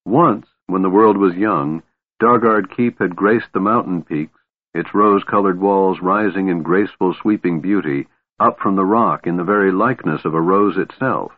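A man narrating a fantasy audiobook in a steady storytelling delivery, on a tinny phone-like recording. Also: deep voice, normal speed, no echo. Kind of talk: scripted narration.

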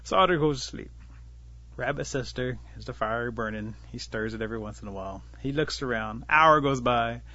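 A man telling a traditional animal tale in an unhurried, folksy way, giving the animals light voices of their own. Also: medium pitch, pushed and bright, highs cut off. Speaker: storyteller. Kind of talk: oral storytelling of a traditional tale.

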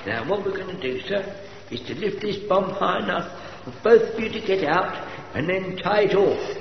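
A flustered, rambling old corporal, very high voice; echoey, dull old radio recording. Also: male voice, animated, moderate pace, gravelly, a little hiss or hum. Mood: eager. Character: eager fussy old male corporal. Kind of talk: 1970s radio sitcom acting.

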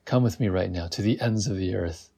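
A man's voice: low voice, fairly quick, creaky, warm tone, husky, exaggerated voice. A man reading an awkward young romantic. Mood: mock-dramatic. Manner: mock-dramatic, earnest.

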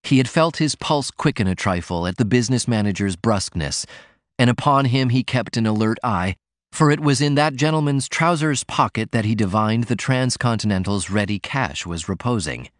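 A male audiobook narrator reads a novel aloud in a measured, even storytelling style. His voice is medium-pitched, and the recording is dry with studio quality.

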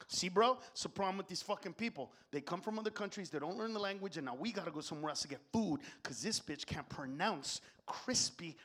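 A man's voice: high-pitched, expressive, fairly quick, hardly any pauses, fairly bright tone. A man voicing a bigoted young friend who grumbles dismissively. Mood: grumbling. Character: bigoted young man complaining, casual bro.

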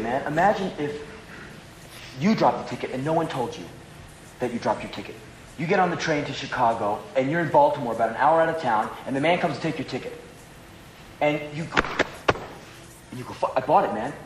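A male stand-up comedian telling a long, profane, rambling story in an animated way to a live audience. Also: medium pitch, a little fast, long pauses, echoey room, a little hiss or hum, poor audio.

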